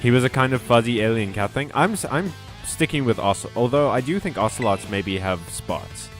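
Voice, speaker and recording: A man's voice: medium pitch, expressive, moderate pace, soft background music. A man chatting casually over gameplay, rambling, correcting himself and answering his viewers as he goes. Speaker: streamer.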